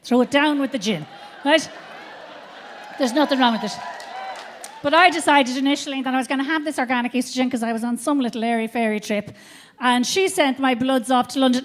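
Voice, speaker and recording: High-voiced Irish woman doing stand-up. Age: middle-aged. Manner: animated, swearing storyteller. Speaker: stand-up comedian. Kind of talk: stand-up comedy routine. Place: theatre stage before a live audience.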